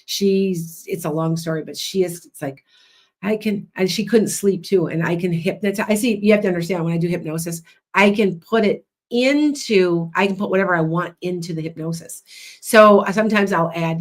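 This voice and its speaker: A woman hosts a livestream as a psychic and hypnotist, chatting loudly and rambling with lots of restarts. Her voice sits lowish and she talks at a normal speed.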